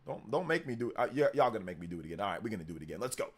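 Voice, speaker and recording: A man's voice: fairly low pitch, sing-song, very fast, heavy background noise. A man hosting a casual live stream, hyped up, reading out and thanking donors as he chats. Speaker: livestream host.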